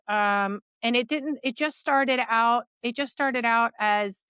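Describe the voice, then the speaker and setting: A woman's voice: a little high, a little slow, a bit bright, clear, resonant tone, no room sound, clean studio sound. A young adult woman, a podcast guest, tells a personal story in a rambling way full of "like" fillers.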